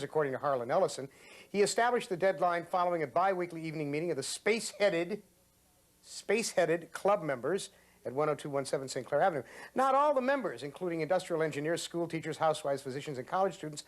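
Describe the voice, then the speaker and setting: A man in his late fifties from Ohio, reading his own story aloud and then giving sardonic commentary in a dramatic, expressive way. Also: fairly high pitch, fast talker, no echo. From Ohio, USA. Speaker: host and author.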